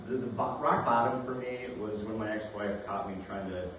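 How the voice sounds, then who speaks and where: A man performing a deadpan stand-up set in a comedy club, halting with many fillers. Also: lowish voice, background noise. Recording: roomy club sound from a distance, audience laughter. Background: audience laughing.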